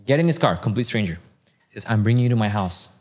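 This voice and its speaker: Animated storytelling man with a lowish voice. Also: quick pace. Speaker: podcast guest. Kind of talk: storytelling in casual chat.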